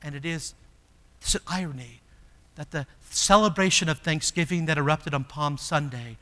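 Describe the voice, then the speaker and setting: A man preaching a sermon as pastor, moving from soft, low passages to loud, emphatic ones. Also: normal speed. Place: church sanctuary. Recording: long hall reverb.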